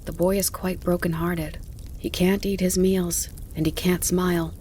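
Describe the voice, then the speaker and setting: A woman reading the part of a soft-hearted male gardener in an audiobook, speaking low and pleading. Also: fairly even intonation, a little fast, lightly acted. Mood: pleading, hushed. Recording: faint crackling campfire behind.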